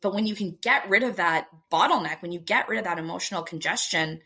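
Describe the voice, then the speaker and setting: A woman's voice: on the low side, quick pace. A woman guest on a podcast, explaining her ideas emphatically and acting out the voices in people's heads. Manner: animated, acts out inner voices, emphatic. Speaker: guest, stress coach. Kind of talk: explaining in an interview.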